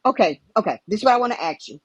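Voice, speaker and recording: A woman's voice: medium pitch, expressive, rapid-fire, breathy edge, no echo, lo-fi sound. A woman on a video call, chatty and affectionate, asking a question with nervous restarts. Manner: chatty, calls people baby, nervous restarts. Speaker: panelist. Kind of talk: casual chat on a live stream.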